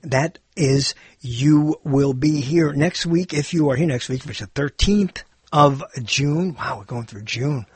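A man's voice: a little high, unhurried, slightly rough, dry recording. A man hosting his own show, rambling playfully and amusing himself as he talks. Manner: playful, meandering, self-amused with frequent laughs. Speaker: podcast host. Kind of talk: rambling solo monologue.

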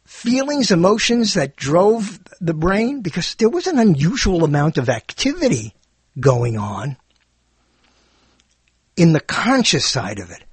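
A man giving a rambling spoken monologue, animated and digressive, often correcting himself mid-sentence. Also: high-pitched, unhurried, husky, no echo. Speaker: monologue speaker.

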